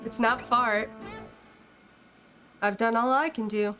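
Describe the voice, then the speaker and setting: Giggly high-voiced woman game streamer. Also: fairly even intonation, slow, pushed and bright, faint music behind. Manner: chatty, giggly, reads in-game texts aloud. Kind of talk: casual live-stream chat over gameplay.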